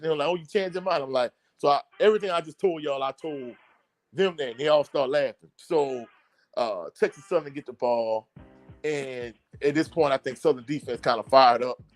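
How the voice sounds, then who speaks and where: Casual sports-talk host, male, mid-range voice, rambling game recap with self-corrections, faint music underneath. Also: mid-range voice. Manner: rambling storytelling with frequent fillers and self-corrections; blunt and exasperated about his team.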